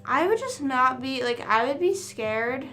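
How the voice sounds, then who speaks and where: Young woman streamer, bright higher voice, rambling casual chat, faint music behind. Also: expressive, a little slow. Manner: rambling, self-deprecating, trailing off often. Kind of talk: casual chat with livestream viewers.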